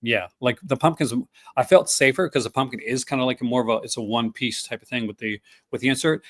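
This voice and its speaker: A man's voice: medium pitch, a little fast. A man in his fifties hosting a casual chat, rambling with many fillers and restarts. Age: 50s. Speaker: podcast host.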